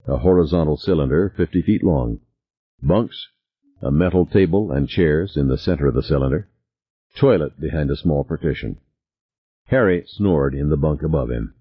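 A man with a very low voice narrates a novel, his pitch swinging widely as he reads. The recording is dry and a little muffled, close to the mic. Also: breathy edge. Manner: dramatic, expressive reading. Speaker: audiobook narrator. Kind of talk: scripted narration.

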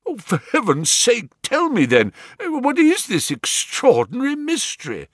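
A man voicing a distraught, excitable middle-aged banker who breaks into high-strung outbursts, read as an audiobook. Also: takes it slowly, gravelly, husky, no room sound, clean studio sound, full character voice. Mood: frantic. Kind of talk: audiobook character reading.

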